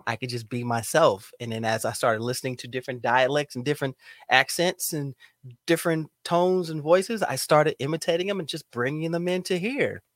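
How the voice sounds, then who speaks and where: A man's voice: on the high side, brisk, dry recording, studio quality. A man hosting a casual podcast chat, playful and theatrical, dramatizing his stories. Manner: playful, theatrical, jumps into voices. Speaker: podcast host.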